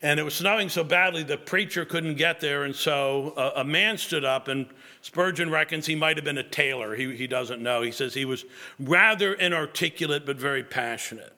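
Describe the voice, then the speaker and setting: A man's voice: on the high side, normal speed, bright, forceful tone. A man preaching a sermon as pastor, emphatic and repeating words as he builds each point.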